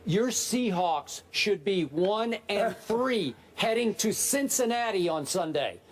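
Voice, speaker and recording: A man's voice: high-pitched, lively intonation, slow. A man co-hosting a sports debate show, speaking combatively with formal word choice.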